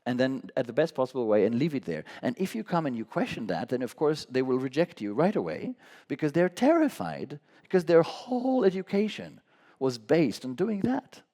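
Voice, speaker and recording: A young man speaks in a quick, passionate stream at a public talk in a meeting hall. He keeps stumbling and restarting his sentences. His voice sits at an ordinary middle pitch. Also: huge pitch swings, warm tone. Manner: talks too fast, admits it. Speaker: conductor. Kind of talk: public conversation on stage.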